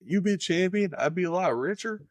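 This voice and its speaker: A man's voice: high voice, moderate pace, dry recording. A man co-hosting a sports podcast in casual chat, swearing freely and breaking into playful impressions. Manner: profane, animated, jumps into playful impressions. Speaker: podcast co-host.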